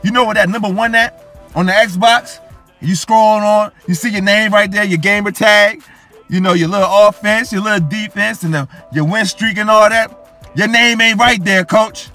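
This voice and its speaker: A man's voice: sits high, steady tone, normal speed, pushed and bright, soft background music. A young man giving hyped, boastful gameplay commentary, repeating his catchphrases over and over. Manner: hyped, boastful, repeats phrases ending in "coach" and "yo". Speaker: gaming YouTuber.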